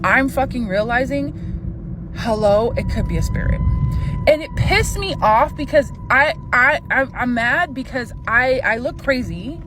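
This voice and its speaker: A young woman casually telling a spooky personal story, animated and profane. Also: high voice, unhurried, noisy background.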